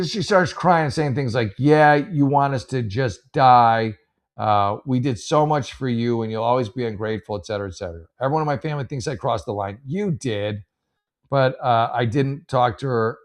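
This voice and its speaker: Male host, mid-pitched, blunt tough-love advice, sarcastic and rambling. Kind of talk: casual advice show, reading posts.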